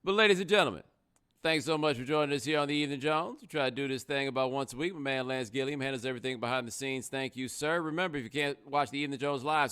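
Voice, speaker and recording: A man hosting a casual livestream podcast, talking in an animated, sarcastic way. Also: medium pitch, clean tone. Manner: animated, sarcastic, rising to loud exclamations. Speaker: podcast host.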